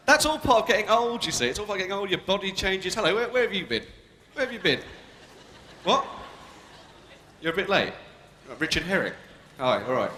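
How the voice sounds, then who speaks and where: Cheeky British comic in an echoey arena. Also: male voice, a little high, bright, forceful tone. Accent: British English. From Britain. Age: young adult. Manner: cheeky, provocative, bantering with the crowd. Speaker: stand-up comedian. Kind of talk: live stand-up comedy. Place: large arena stage with a live audience. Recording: echoey arena with long reverb and crowd noise.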